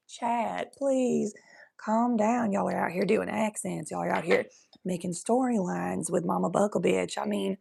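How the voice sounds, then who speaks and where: A woman's voice: medium pitch, gravelly, breathy edge. A woman from the US Midwest, chatting casually on a livestream in a loose, swearing, talkative way. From Cincinnati, US Midwest.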